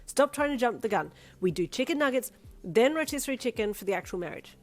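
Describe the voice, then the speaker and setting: A woman's voice: fairly high pitch, animated, quick pace, faint music behind, pitched above the performer's own voice, natural voice. A woman voicing a giggly, tipsy young woman who laughs and teases. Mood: playful. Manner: bright, laughing, exasperated.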